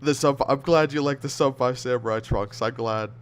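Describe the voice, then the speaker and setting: A man's voice: mid-range voice, normal speed, smooth. A young American man streaming and chatting casually with viewers. He talks in rambling, slang-heavy bursts, often trails off mid-word and laughs easily. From United States. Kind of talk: casual livestream chat reading viewer comments.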